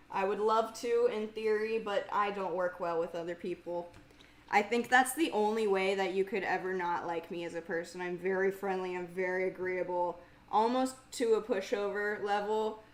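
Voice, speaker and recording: Young woman streamer chatting away, kinda mumbly and grumbly, swears a lot, laughs easy. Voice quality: mumbly, grumbly low speaking voice. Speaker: livestream host and singer. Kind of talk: casual livestream chat reading viewer comments.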